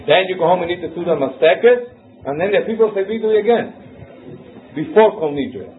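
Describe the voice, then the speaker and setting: A man's voice: high-pitched, lively intonation, moderate pace. Man teaching over a tinny line. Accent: Ashkenazi Hebrew pronunciation. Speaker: Torah teacher. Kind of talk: halachic lesson. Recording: phone-line lesson recording with faint noise.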